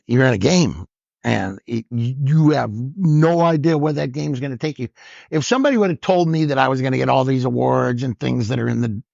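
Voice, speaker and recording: A man in his sixties, a comedian, telling lively stories on a podcast and acting out the lines of other people. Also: mid-range voice, normal speed, vocal fry, dry recording. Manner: animated storyteller who acts out other people's lines. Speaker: guest comedian. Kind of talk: storytelling interview. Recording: dull lo-fi podcast audio.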